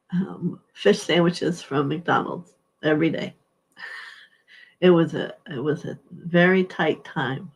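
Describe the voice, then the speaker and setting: A middle-aged woman speaking as a spiritual speaker, sharing a personal testimony in a halting, heartfelt, soft-spoken way. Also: fairly low pitch, breathy edge, muffled recording.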